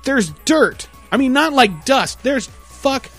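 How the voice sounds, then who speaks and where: High-voiced man ranting and swearing. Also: lively intonation, takes it slowly, fairly bright tone, soft background music. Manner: crude, exasperated, swears a lot, laughs mid-sentence; mocks customers in a shrill put-on voice. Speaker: computer repair guy ranting. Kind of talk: profane comic rant.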